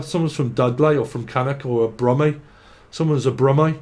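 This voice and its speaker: A man with a medium-pitched, slightly mellow voice talks at a brisk clip while doing a casual tarot reading. His psychic-reading monologue rambles, includes swearing, and occasionally turns into sing-song chanting.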